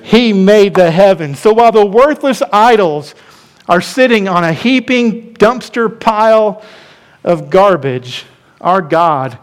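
A man's voice: sits high, expressive, slow pace. A male pastor preaching a sermon, stressing points by repeating phrases and calling the congregation to respond.

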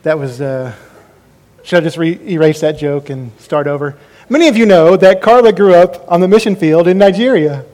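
A man's voice: a little high, normal speed, a little mellow. A man preaching a sermon as pastor, folksy and joking as he talks to his congregation.

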